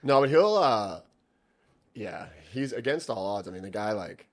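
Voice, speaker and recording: A man's voice: fairly low pitch, very animated, normal speed. A young man chatting on a podcast, telling rambling stories full of swearing and filler words. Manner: rambling storytelling, heavy swearing, lots of "like". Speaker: podcast guest, jiu-jitsu athlete. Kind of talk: casual podcast chat.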